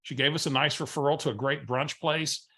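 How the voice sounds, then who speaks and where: A man's voice: on the high side, fairly even intonation, a little fast, pushed and bright. A man presenting a coaching webinar as host, telling stories energetically with frequent filler sounds. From San Antonio area, Texas.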